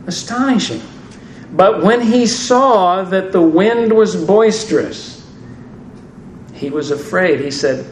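Preacher man with a slightly high voice and a dry wit, slow and deliberate, heard in a roomy hall from a distant mic. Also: expressive, a little hiss or hum. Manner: conversational with dry humor. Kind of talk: sermon on scripture. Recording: roomy echo, distant mic, faint ambience.

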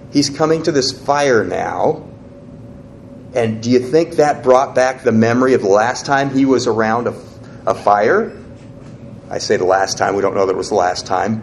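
A man's voice: mid-range voice, a little hiss or hum. Man preaching a conversational sermon. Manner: conversational teaching, guides listeners through verses. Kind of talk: sermon with scripture reading.

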